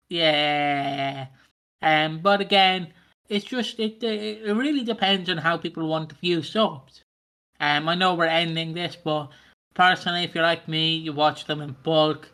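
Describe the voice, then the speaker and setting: A man's voice: fairly high pitch, sharp tone. A man hosting a casual podcast chat, jokey and rambling, swearing now and then. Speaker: podcast host.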